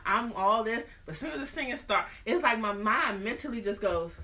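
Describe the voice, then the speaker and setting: A woman host retelling a story in an animated, slangy, comic way. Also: on the high side, fairly quick. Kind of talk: casual storytelling.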